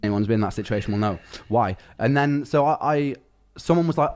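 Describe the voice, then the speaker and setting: A man's voice: medium pitch, lively intonation, fast. A man, a music producer, tells a casual rambling anecdote with frequent restarts and swearing. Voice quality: rambling, self-correcting, swears freely. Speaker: music producer telling a story.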